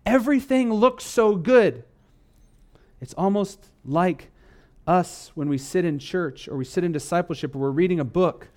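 A man preaching a sermon as pastor, swinging from loud emphatic lines to low, quiet asides and reading scripture slowly with weight on key words.

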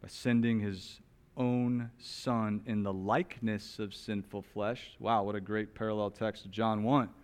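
A man preaching an expository sermon. He talks in an animated, emphatic way, rises loudly on some points, and drops to a soft, slow voice on others. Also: fairly low pitch, smooth. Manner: animated, emphatic, with wide swings in loudness. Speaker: pastor.

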